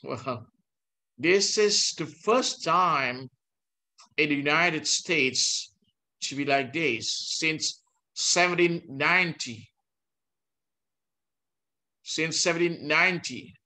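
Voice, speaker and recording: An older man delivers a university law lecture in English. He talks very slowly, halting and restarting often. His voice is bright and forward. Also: fairly high pitch. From Indonesia. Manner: slow and halting, with pauses and restarts; mixes in Dutch legal text. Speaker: law professor.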